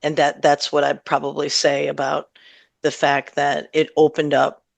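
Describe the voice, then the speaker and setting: A middle-aged woman talks through her music career in a rambling, friendly way, often laughing between thoughts. Her voice has a gravelly, creaky texture. The sound is dry and close, with no room echo. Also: low-pitched, flat delivery, moderate pace. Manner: chatty and warm, laughs often, rambles with fillers. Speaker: singer-songwriter guest. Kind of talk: casual interview chat.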